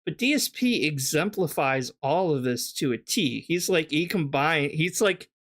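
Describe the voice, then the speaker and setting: A streamer comments on clips in a sarcastic, mocking tone. The voice is mid-pitched, and the commentary swears freely. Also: animated, measured pace, a bit bright.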